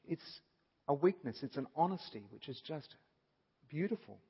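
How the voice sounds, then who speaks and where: Husky man teaching in a reverberant hall. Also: medium pitch, lively intonation, brisk. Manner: earnest, explaining with repeated emphasis. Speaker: Bible teacher. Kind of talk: Bible study talk. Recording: dull audio with long reverb.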